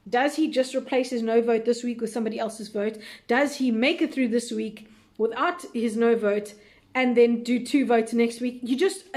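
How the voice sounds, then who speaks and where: A woman's voice: a little high, a little mellow. Chatty woman hosting live. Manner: thinking aloud, many fillers, unsure and chatty. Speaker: recap show host answering viewer questions. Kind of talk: casual live chat.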